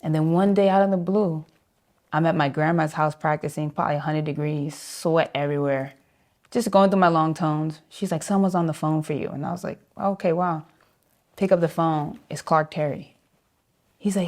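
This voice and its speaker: A young woman, a saxophonist being interviewed, telling stories in an animated way, laughing often and acting out the voices of the people in them. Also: low-pitched, normal speed. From New York. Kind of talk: animated storytelling with acted-out quotes.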